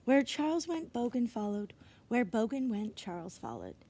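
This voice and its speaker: A woman reading a children's storybook aloud outdoors, gentle and expressive, sometimes dropping into whispered asides. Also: fairly high pitch, moderate pace. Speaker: reader. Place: outdoors in winter. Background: birds chirping.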